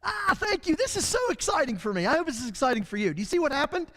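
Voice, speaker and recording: In a large church hall, a preacher with an extremely high, sing-song voice teaches a Bible study lesson at a quick pace, animatedly acting out the voices of the people he describes. The sound is a bit bright.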